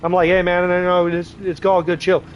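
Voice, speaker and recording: A man's voice: sits high, monotone, moderate pace, dull audio. A man in his twenties, stuffed up from draining sinuses, rambling frankly in casual livestream chat with lots of restarts. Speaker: streamer. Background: faint game vehicle noise.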